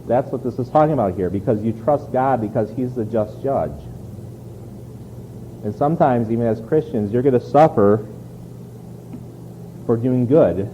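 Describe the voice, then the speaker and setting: A man's voice: mid-range voice, lo-fi sound, slight background noise. A man preaching a sermon in an earnest, conversational way, often repeating words as he restarts. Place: church.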